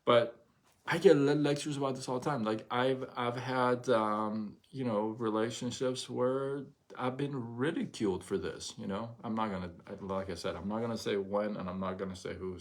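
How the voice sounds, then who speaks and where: A middle-aged man hosting a casual livestream, talking in an animated way, often repeating himself and asking "right?". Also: on the low side, normal speed. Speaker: livestream host.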